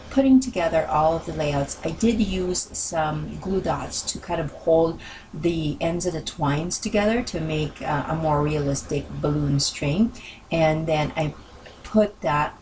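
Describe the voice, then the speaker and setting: A woman talking through her crafting process in a loose, chatty voice-over, full of ums and little corrections. Her voice sits a little low and sounds worn from hours of talking. She is a bit back from the microphone, with a clear hum of noise under her. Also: a little mellow, recorded from a distance, rough recording. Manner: chatty, rambling with many ums and self-corrections. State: losing her voice. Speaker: crafting video host. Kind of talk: casual voice-over narration.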